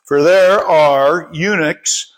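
A man leading a Bible study, praying and reading scripture aloud in a plain, unhurried way with small stumbles and self-corrections. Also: on the high side.

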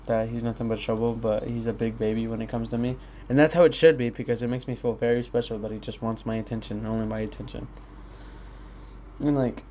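Young man, casual solo ramble, candid, cursing, middle-pitched voice, faint hiss behind. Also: dark tone. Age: young adult. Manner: rambling, candid, swears often. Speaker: podcast host. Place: his own room.

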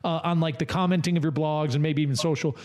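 A man's voice: a little high, fairly even intonation, quick pace, a little mellow, slight background noise. A man hosting a podcast, asking questions with wry, teasing remarks. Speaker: podcast host. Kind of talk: casual podcast chat.

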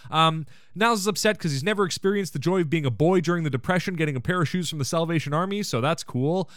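A man's voice: fairly high pitch, animated, fast talker, few pauses, a bit bright, clean tone, no room sound, clean studio sound. A man hosting a podcast, recapping an episode in casual chat, enthusiastic and full of joking asides. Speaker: podcast host.

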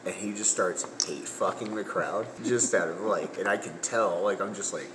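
Male comic, low voice, excitable and swearing, noisy room. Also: normal speed, in a large hall. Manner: excitable, profane, laughing. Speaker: comedian. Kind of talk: casual chat.

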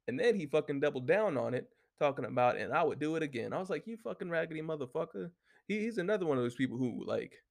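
Gravelly dude ranting on his own show, cussing nonstop, lots of "you know what i'm saying". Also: mid-range voice. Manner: heated, cursing freely, lots of filler. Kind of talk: casual profane rant.

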